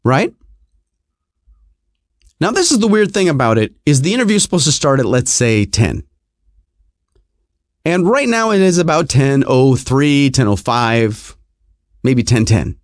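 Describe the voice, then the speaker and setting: A middle-aged man hosting a podcast, telling a comic story in an exasperated, animated, self-mocking way. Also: medium pitch, a little slow, long pauses, dry recording, studio quality.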